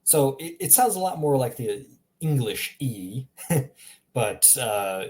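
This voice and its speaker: A man teaching a language lesson in an unhurried, easygoing way. His voice is dark and mellow, and he talks slowly. He repeats each example word several times. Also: medium pitch. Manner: relaxed, repeats words slowly with small laughs. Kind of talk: casual spoken language lesson.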